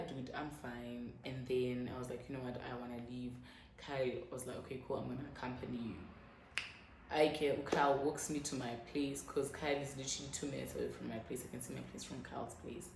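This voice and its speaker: A young South African woman telling a personal story in a casual, animated way, with frequent swearing and quick quoted lines. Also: a bass voice, gravelly, reverberant, a little hiss or hum, poor audio. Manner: animated, swearing, quoting others in quick bursts. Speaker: YouTuber.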